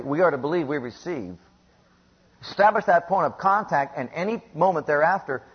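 A man's voice: fairly high pitch, slightly rough. A man preaching a sermon in an emphatic, repetitive way, often asking the congregation questions, on a dull lo-fi recording.

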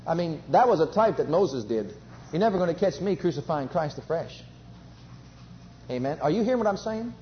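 A man with a notably high voice delivers a fervent sermon, rising into loud emphatic calls and sinking into quiet asides. The recording sounds dull and lo-fi, like an old tape. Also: very animated, moderate pace, a little hiss or hum. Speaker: preacher.

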